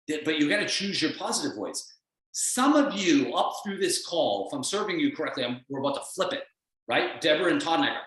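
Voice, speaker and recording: A man's voice: fairly high pitch, lively intonation, brisk, fairly bright tone, heavy reverb, recorded from a distance, low-quality recording. A man giving a blunt, emphatic motivational talk as a performance coach on a call.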